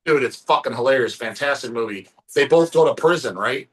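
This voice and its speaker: A man with a husky, slightly breathy voice tells loose, profane stories in casual podcast chat. He acts out other people's lines as he goes, at a middle pitch for a man. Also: lively intonation, a little fast. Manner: profane, rambling storyteller acting out quotes. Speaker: podcast co-host.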